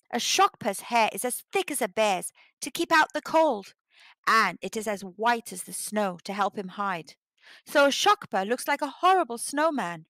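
Lively woman reading a children's story. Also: a little high, no echo. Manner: expressive, animated storytelling. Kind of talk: children's read-aloud narration.

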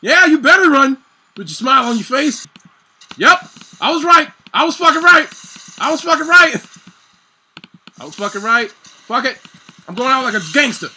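A man giving live gameplay commentary, excitable and panicky, swearing constantly and shouting in sudden bursts. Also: very high voice, normal speed, pauses often, slight background noise. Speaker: gaming channel host.

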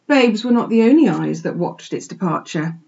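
A woman teacher expressively reading a children's book aloud for a remote class, pausing to point out pictures, on a dull lo-fi recording. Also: mid-range voice, lively intonation, vocal fry, warm tone, a little hiss or hum. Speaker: primary school teacher. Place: home, remote lesson.

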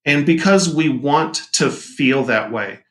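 A man's voice: fairly high pitch, expressive, slow, a bit bright, roomy sound. A man teaching a lesson in a casual, joking way, often acting out quoted lines. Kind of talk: recorded classroom lecture.

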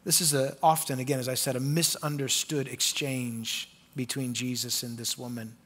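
Guy pastor preaching, goes loud and pleading then real quiet, husky voice, echoey church. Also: medium pitch, level tone, normal speed. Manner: passionate, swings from loud pleading to hushed; acts out quoted voices in conversational asides. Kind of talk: sermon. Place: church sanctuary.

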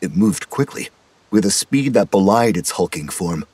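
A man narrating a horror story in a measured, dramatic manner. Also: low-pitched, lively intonation, darkish tone, slightly rough, no echo.

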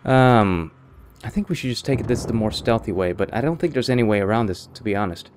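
A young man giving lively let's-play commentary, exclaiming and laughing often as he plays a shooter game. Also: on the low side, brisk, slight background noise. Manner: excitable, frequent exclamations and laughs. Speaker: gamer. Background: game music and gunfire.

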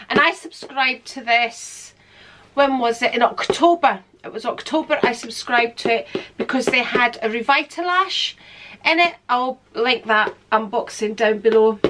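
A woman's voice: high-pitched, noisy background. A woman vlogging casually to camera in her room at home, chatting, laughing often and sometimes talking with food in her mouth.

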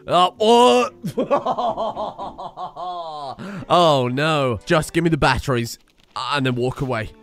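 A man commentating on a video game as a streamer, excitable, laughing and swearing often. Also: fairly high pitch, extremely slow. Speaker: gaming streamer. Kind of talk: let's play commentary.

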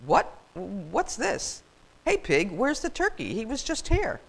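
A woman's voice: on the high side, huge pitch swings, slow pace, creaky, slightly rough, pitched above the performer's own voice, heavily acted. A woman voicing a bewildered, chuckling old male farmer in a children's storybook reading, hollering to his wife. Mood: puzzled.

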